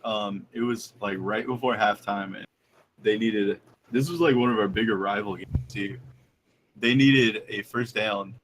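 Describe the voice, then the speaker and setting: Relaxed man telling a story. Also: lowish voice, unhurried, a little hiss or hum, poor audio. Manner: relaxed storytelling with many fillers. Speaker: podcast co-host. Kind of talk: casual group chat over voice call.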